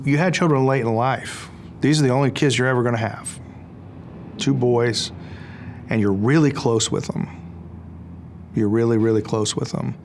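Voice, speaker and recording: A man's voice: mid-range voice, a little hiss or hum. A middle-aged man being interviewed, speaking earnestly and emphatically with frequent restarts. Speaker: interview guest.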